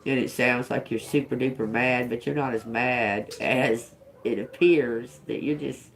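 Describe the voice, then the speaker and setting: Slow, blunt woman musing through a reading. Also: extremely low pitch, steady tone. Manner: thinks aloud, repeating single words slowly; blunt and profane, with frequent chuckles. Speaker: tarot reader. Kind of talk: live-stream tarot reading.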